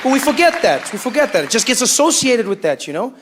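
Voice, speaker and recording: A man's voice: very high-pitched, very animated, quick pace, fairly bright tone, some chatter behind, a little hiss or hum. A man doing a stand-up set in a chatty, easygoing way, often saying "you know", on a stage mic. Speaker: stand-up comedian. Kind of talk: stand-up comedy routine. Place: comedy stage.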